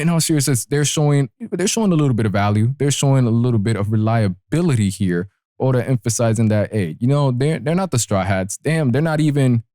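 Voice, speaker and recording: A man's voice: medium pitch, dark tone, no room sound, clean studio sound. A young man hosting a casual commentary show, talking loosely and acting out characters' lines as he goes. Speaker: podcast host. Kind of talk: casual manga chapter commentary.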